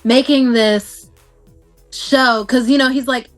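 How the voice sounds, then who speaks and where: A young woman from the Bay Area, a game show contestant chatting casually as a guest, talking fast with lots of "like" fillers. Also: sits high, soft background music. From San Francisco Bay Area. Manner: fast, animated talk full of "like" fillers. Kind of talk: casual chat.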